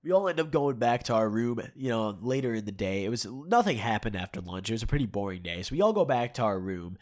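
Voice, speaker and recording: A man's voice: fairly low pitch, sing-song, fast, darkish tone. Young male YouTuber, congested and a bit sore-throated, casual profane storytime. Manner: profane, rambling, chuckles often. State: stuffed-up nose and sore throat.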